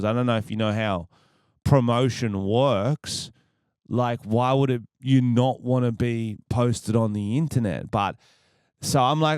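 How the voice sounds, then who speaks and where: Foul-mouthed Australian podcast host. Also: male voice, mid-range voice, unhurried, a little mellow, smooth, dry recording, clean studio sound. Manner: profane, rambling, laughs at own jokes. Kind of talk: casual podcast storytelling.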